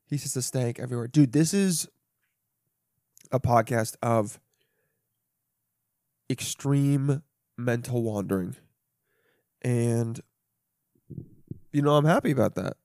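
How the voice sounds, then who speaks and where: A man's voice: mid-range voice, takes it slowly, pauses often, a little mellow, dry recording, clean studio sound. A young man hosting a solo podcast, rambling and swearing freely, with self-mocking asides. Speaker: podcast host. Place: home.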